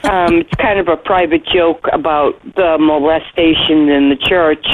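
Slow-spoken woman on a tinny phone line. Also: deep voice, fairly even intonation, a little hiss or hum. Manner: slow, earnest storytelling with soft pauses. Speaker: listener leaving voicemail feedback. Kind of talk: heartfelt personal story.

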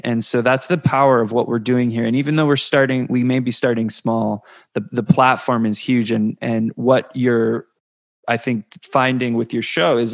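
A man hosts a podcast in a level, even tone that stays in a narrow band. He talks thoughtfully and often circles back over his words as he builds an idea. The sound is dry and close to the mic. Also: mid-range voice, no echo. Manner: thoughtful, repeats words while building ideas. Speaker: podcast host. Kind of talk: conversational interview.

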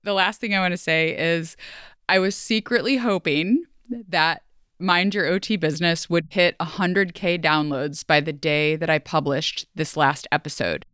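A woman's voice: low-pitched, fairly bright tone, clear, resonant tone, no room sound. A woman hosting a solo podcast, speaking earnestly and emotionally, close to tears, in a chatty way full of fillers. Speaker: podcast host. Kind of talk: heartfelt solo podcast farewell.

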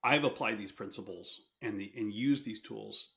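Bright low-pitched male podcast host. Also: normal speed, gravelly. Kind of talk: conversational podcast talk.

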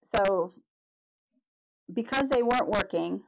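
Animated middle-aged woman telling her story. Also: medium pitch, gravelly, rough recording. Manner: animated, halting with restarts and acted-out reactions. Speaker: podcast guest. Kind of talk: personal storytelling. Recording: noticeable background noise.

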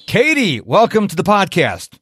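A man's voice: high voice, huge pitch swings, normal speed, fairly bright tone, slightly rough, dry recording, studio quality. An enthusiastic man hosting a podcast interview, talking up his show and his guest. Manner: enthusiastic, self-promoting. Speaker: podcast host.

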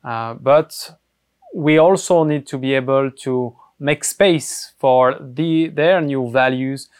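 A man speaking as a podcast guest, answering reflectively with many pauses and hesitations. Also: mid-range voice, clean tone.

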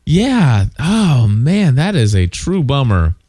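A man's voice: medium pitch, sing-song, takes it slowly, mellow, no echo, clean studio sound. A man co-hosting a casual podcast, reading listener feedback aloud with many fillers and side comments. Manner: reads listener mail aloud with frequent fillers and asides.

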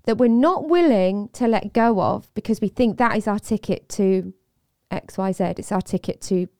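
A woman co-hosting a casual faith discussion, earnest and quick to laugh. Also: medium pitch, mellow, dry recording, studio quality. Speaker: podcast co-host.

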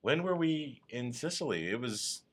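A man's voice: mid-range voice, big pitch swings, moderate pace. A man co-hosting a casual live talk show, throwing in dry jokes. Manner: dry, joking quips. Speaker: co-host.

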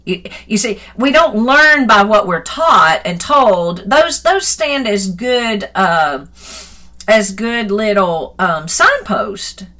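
A middle-aged woman and Christian author giving an earnest personal devotional talk into her phone, reflective and at times animated. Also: medium pitch. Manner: earnest and reflective, grows animated and laughing when retelling a story.

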